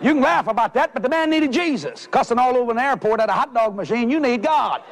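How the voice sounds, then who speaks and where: A man with a Cajun accent, preaching a comic sermon, animated and shouting his punchlines while laughing along. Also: extremely high pitch, quick pace, creaky. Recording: live hall with audience laughter and noise.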